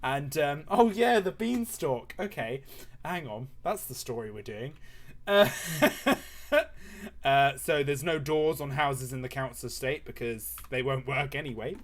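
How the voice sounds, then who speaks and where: A man's voice: medium pitch, lively intonation, a little slow, fairly bright tone. A man telling a comic story on a live stream while drawing, rambling with many fillers and swearing.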